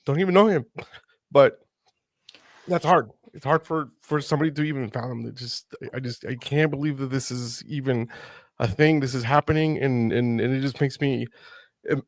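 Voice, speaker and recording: A man hosting an interview podcast, talking earnestly and haltingly with many restarts. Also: mid-range voice, no room sound, clean studio sound. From United States. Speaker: podcast host. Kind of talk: conversational interview.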